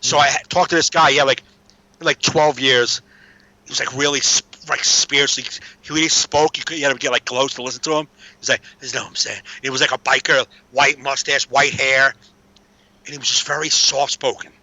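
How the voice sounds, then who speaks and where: A man's voice: mid-range voice, fairly even intonation, a little fast, pushed and bright, no room sound, muffled recording. A man telling recovery stories in a casual chat, streetwise and swearing freely. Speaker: podcast guest.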